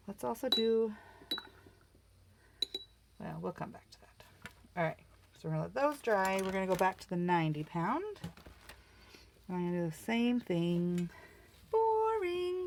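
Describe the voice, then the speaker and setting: A middle-aged woman chatting casually as she paints at home, self-mocking and quick to laugh. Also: mid-range voice, lively intonation, vocal fry, a little hiss or hum. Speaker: art vlogger. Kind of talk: casual crafting tutorial chat.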